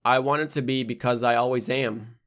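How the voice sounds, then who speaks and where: A man's voice: mid-range voice, steady tone, normal speed, a bit bright. A young man reading his own spoken-word poetry aloud, in a rhythmic, rhyming delivery full of blunt swearing.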